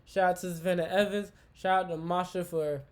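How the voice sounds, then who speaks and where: A man's voice: high voice, fairly quick. Slangy, profane young man recapping wrestling. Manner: slangy, profane, excitable banter; talks to a live chat. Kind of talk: casual wrestling show recap.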